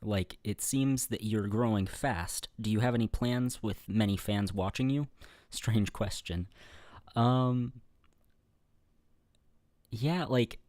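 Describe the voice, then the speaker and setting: A young YouTuber answers viewer questions in a casual Q&A vlog, speaking slowly with long pauses in a fairly low, slightly mellow voice. He rambles with fillers and restarts and laughs at his own remarks, recorded dry in studio quality on a webcam setup facing the camera.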